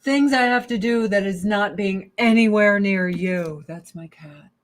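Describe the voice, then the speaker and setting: A woman's voice: mid-range voice, a little slow. Foul-mouthed woman cooing over her cats. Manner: blunt and profane, coos to her cats. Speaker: host talking to her online audience. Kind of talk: casual livestream chat.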